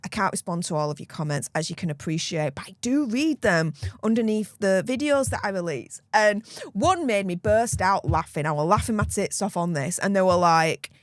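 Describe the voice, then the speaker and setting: Lively Yorkshire woman chatting bluntly. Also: mid-range voice, normal speed, hardly any pauses, no echo, studio quality. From Yorkshire, England. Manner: blunt, chatty, laughs often. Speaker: YouTube commentary host. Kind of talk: casual chat to camera.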